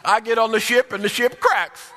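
A man's voice: extremely high pitch, steady tone, moderate pace, sharp tone, pitched above the performer's own voice. A man preaching, voicing a whiny, panicking grown man who complains melodramatically. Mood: whiny panic.

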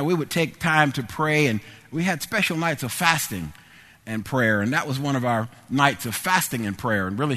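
A middle-aged man preaching and telling a personal testimony, emphatic and repetitive. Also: mid-range voice. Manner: emphatic, repetitive, animated storyteller. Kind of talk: sermon testimony storytelling. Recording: echoey hall reverb.

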